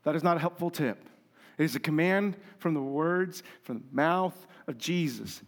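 A pastor preaching a conversational, emphatic sermon with humor and rhetorical questions. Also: male voice, a little high, moderate pace.

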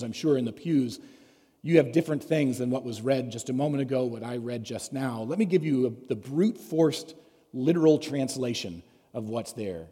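Storytelling pastor in a reverberant church. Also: male voice, medium pitch, mellow, slightly rough. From United States. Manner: storytelling, conversational, asks the congregation questions. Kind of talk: sermon. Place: church sanctuary. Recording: long reverb of a church hall.

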